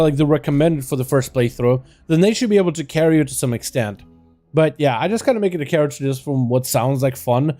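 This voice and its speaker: A man with a high, mellow voice calls game duels live from his home setup, his excited play-by-play running into joking asides. Faint game music plays beneath him. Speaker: streamer and match commentator. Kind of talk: livestream game commentary.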